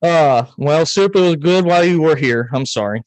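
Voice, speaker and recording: A man's voice: on the high side, normal speed, a little mellow, no echo, rough recording. An American man co-hosting a racing podcast, chatting casually, joking and rambling. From United States. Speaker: podcast co-host. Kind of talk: casual chat.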